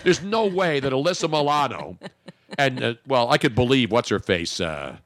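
A man's voice: mid-range voice, big pitch swings, moderate pace, no room sound. A man hosting a sports talk radio show, joking brashly and crudely in casual banter.

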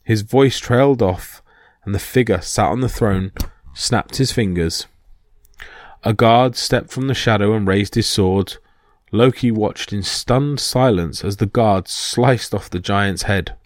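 Male podcast storyteller, low, steady, vivid, dry sound. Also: measured pace, no room sound. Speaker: narrator. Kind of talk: storybook narration of myths.

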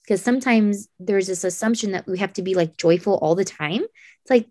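A woman's voice: mid-range voice, normal speed, darkish tone, no echo. A woman who homeschools her children, talking earnestly as a podcast guest and repeating phrases for emphasis. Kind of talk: casual podcast chat.

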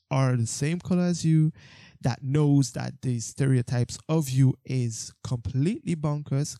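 A man's voice: mid-range voice, vocal fry, mellow, no room sound, clean studio sound. A young man telling a story about his street photography in a casual, rambling way, with lots of fillers, restarts and some swearing. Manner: swears when exasperated.

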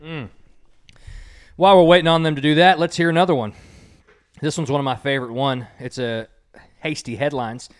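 This quiz host has a fairly high voice with fairly even intonation and speaks fairly quickly. He leads a relaxed home quiz game, reading jokes aloud, chuckling at his own humor, and using lots of fillers.

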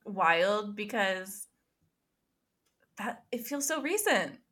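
Bright-voiced woman reacting slowly. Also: mid-range voice, big pitch swings. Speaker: podcast co-host. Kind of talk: casual chat.

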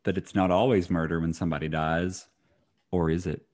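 A man's voice: low voice, fairly even intonation, a little fast, a little mellow. A young man co-hosting a casual podcast, dry and wisecracking. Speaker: podcast co-host.

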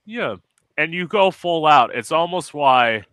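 Bright-voiced male interview host. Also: fairly high pitch, unhurried, clear, resonant tone, dry recording. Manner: relaxed, agreeable, swears casually. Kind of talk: casual interview chat.

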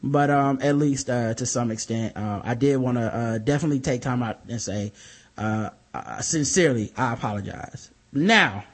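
A man's voice: medium pitch, normal speed. A young man co-hosting a podcast in a casual, rambling, profane way, full of fillers and loose asides. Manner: laid-back, rambling, profane, with many fillers. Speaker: podcast co-host.

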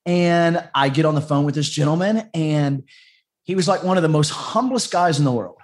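A man's voice: a little high, normal speed. A man, a dog trainer telling his story as a podcast guest, rambling and chatty with many restarts. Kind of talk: casual storytelling interview.

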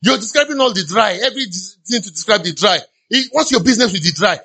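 A Nigerian-accented pastor delivers an animated sermon in a church. His somewhat high, bright voice rings out as he preaches, now and then mimicking sighing listeners. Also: fast, few pauses, husky.

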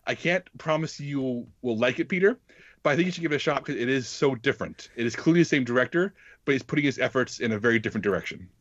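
A man's voice: mid-range voice, expressive, fast talker, a bit bright, no room sound, lo-fi sound. A man in a casual film talk, often restarting and repeating words. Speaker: film podcast co-host. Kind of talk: casual chat.

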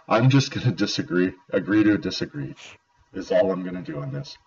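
A man's voice: fairly low pitch, animated, fairly quick, gravelly, a little mellow, slightly rough. A man co-hosting a casual podcast, rambling with plenty of fillers and emphatic opinions. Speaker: podcast co-host. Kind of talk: casual chat. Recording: dull lo-fi audio.

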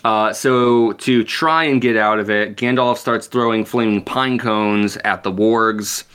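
A man with a fairly low voice chats through a book recap on a podcast. He is laid-back and loose, swearing now and then. His talk is full of fillers and restarts. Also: fairly even intonation, unhurried, a bit bright, smooth. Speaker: podcast co-host. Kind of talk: casual book-club chat.

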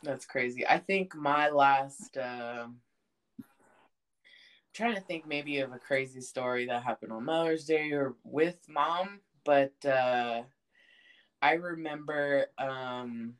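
A young woman co-hosting a podcast, telling family stories in a casual, profane, animated way, often laughing and breaking into loud outbursts. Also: a bass voice, slow pace. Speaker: podcast co-host. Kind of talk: casual chat.

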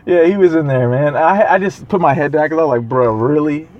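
A man co-hosting a podcast, telling stories in an animated way and laughing often. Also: a little high, a little fast. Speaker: podcast co-host. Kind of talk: casual podcast chat. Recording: slightly dull lo-fi sound.

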